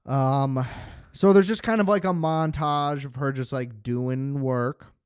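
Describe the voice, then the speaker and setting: Smooth-voiced man rambling through a review. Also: mid-range voice, slow pace, no echo, studio quality. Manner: rambling, profane, filler-heavy. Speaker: film reviewer. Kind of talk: casual spoken movie review.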